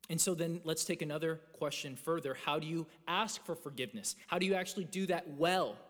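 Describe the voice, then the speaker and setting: A man in his thirties preaching a sermon as a pastor, earnest and animated, often restarting his phrases. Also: fairly high pitch, brisk. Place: church sanctuary. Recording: long reverb of a church hall.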